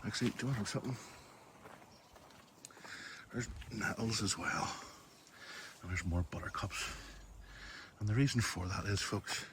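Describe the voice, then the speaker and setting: A man's voice: fairly low pitch, measured pace, long pauses, very noisy. A man with a Northern Irish accent, chatting casually to viewers as he walks through his garden filming on his phone. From Northern Ireland. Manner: chatty, keeps addressing viewers as folks. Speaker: garden vlogger. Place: outdoors in a garden. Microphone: phone camera held while walking.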